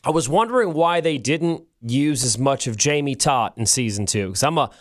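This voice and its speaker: A man co-hosting a show, chatting excitedly and casually, with frequent restarts. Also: medium pitch, normal speed. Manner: excitable, animated, restarts often. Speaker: radio show co-host. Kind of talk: casual chat.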